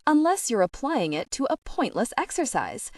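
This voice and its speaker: Woman reading a smooth caring young wife, calm and measured, lively pitch. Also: dry recording, studio quality, far from the mic.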